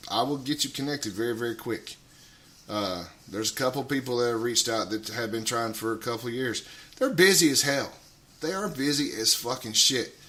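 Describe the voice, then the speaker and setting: A man talking casually on a radio show, rambling, swearing a lot and getting loud. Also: mid-range voice, normal speed.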